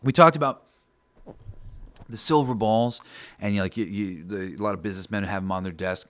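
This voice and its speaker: A man's voice: fairly low pitch, normal speed, fairly bright tone. A man hosting a podcast, talking through an idea in a rambling, casual monologue full of swearing and fillers. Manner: rambling, profane, with many fillers. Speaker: podcast host.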